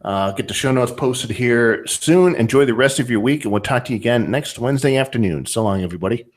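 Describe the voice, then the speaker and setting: A man's voice: mid-range voice, expressive, a little fast. A man with a Northern Ohio accent hosting a podcast in a casual, conversational way, often restarting and repeating words. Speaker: podcast host.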